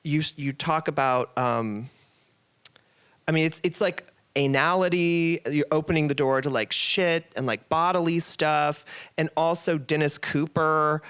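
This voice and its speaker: A man's voice: fairly high pitch, steady tone, a little slow, a bit bright, clear, resonant tone. A young man interviewing a writer, phrasing his questions loosely with many "like"s and fillers.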